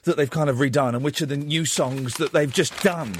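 A man hosting an evening radio show, chatting excitably, with quick laughs and restarts. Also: a little high, a little hiss or hum. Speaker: radio host. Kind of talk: casual radio chat.

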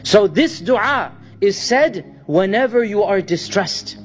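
A man's voice: high-pitched, expressive, slow pace. A man preaching a sermon, telling a story dramatically and reciting Arabic verses between his English lines.

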